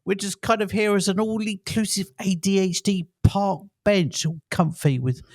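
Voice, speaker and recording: A man's voice: high voice, fairly even intonation, normal speed, no room sound. Jokey English man, dry close mic. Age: middle-aged. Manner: jokey, playful, breaks into song. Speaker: podcast co-host. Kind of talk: casual chat.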